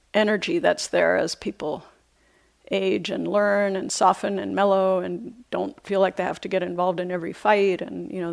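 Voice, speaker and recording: Gravelly-voiced woman giving a dharma talk. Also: medium pitch. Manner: reflective, unhurried, with soft hesitations; light self-amused laughter. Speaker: meditation teacher. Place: retreat center meditation hall.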